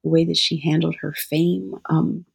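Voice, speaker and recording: An author and guest answering interview questions in a thoughtful, halting way with many fillers. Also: mid-range voice, level tone, creaky, breathy edge.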